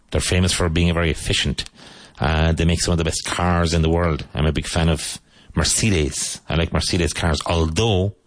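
A man hosting a live English lesson, repeating each question and answer slowly so learners can follow. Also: deep voice, no echo.

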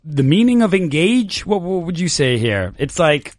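A man's voice: a little high, very animated, moderate pace, a little hiss or hum. Playful, encouraging male English teacher. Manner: encouraging, playful, laughs often. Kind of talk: casual vocabulary lesson.

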